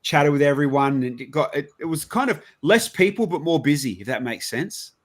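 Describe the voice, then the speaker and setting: An Australian man chats in a loose, rambling way and acts out the bits of dialogue as he goes. His voice sits a touch high for a man, and he throws in casual swearing. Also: a little fast. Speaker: podcast host. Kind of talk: casual storytelling chat.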